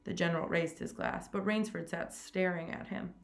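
Woman narrator, low gravelly voice, plain steady story reading, casual, small stumbles. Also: normal speed. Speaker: reader. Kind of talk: reading a short story aloud.

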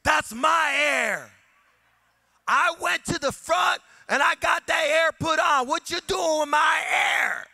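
A man shouting as an angry young woman. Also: extremely high pitch, creaky, no echo, voice pushed up, exaggerated voice. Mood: furious. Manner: shouting, drawn-out scolding. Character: angry young woman yelling about her air.

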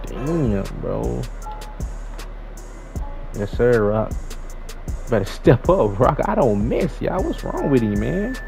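A young man giving slangy, excitable trash-talk commentary over his own basketball video game play. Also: medium pitch, takes it slowly, creaky, long pauses, music in the background, rough recording. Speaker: gaming YouTuber. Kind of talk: live gameplay commentary.

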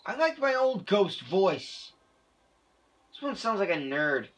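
Excitable young gamer, bright lively voice. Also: mid-range voice, slow. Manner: excitable, loud outbursts, heavy swearing. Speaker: gamer playing through a shooter. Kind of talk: let's play commentary.

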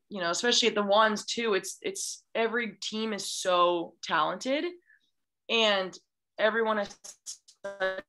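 A young adult woman who plays college beach volleyball guests on a podcast, chatting casually and gushing with enthusiasm, restarting often. Her mid-range voice is bright and forceful.

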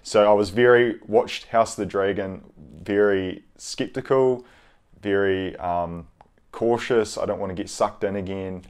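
A young man giving a casual, rambling review, hesitant and low-key, with frequent pauses and restarts. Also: darkish tone, clear, resonant tone. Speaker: video reviewer.

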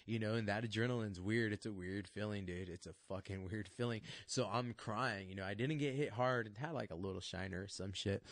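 A man's voice: lowish voice, brisk, hardly any pauses, no echo. A man, a fight coach and podcast guest, telling stories in a laid-back, casual way, swearing a lot and laughing often. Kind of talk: casual storytelling.

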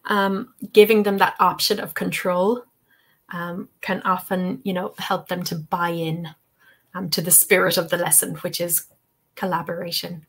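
A woman's voice: on the low side, vocal fry, breathy edge. A woman hosting a live webinar Q&A and training English teachers. She talks in an encouraging, chatty way and often says "okay" and "you know".

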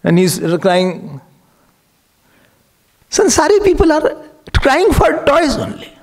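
A man's voice: very high voice, sing-song, slow pace. A man giving a spiritual discourse, asking rhetorical questions and chuckling often. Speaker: spiritual teacher.

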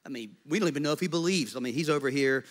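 A man preaching a sermon as pastor, animated in storytelling and dropping to soft, intimate tones. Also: fairly high pitch, racing.

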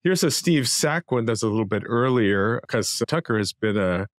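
A man's voice: mid-range voice, animated, moderate pace, no echo, studio quality. A man hosting a casual talk show, presenting items and pushing back with pointed questions. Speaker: host.

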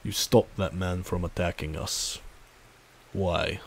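A man's voice: sits low, fairly even intonation, slow pace, gravelly, slight background noise, exaggerated voice. A man voicing a formal, guarded young male clan leader with a thick accent. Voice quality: thick foreign-sounding accent.

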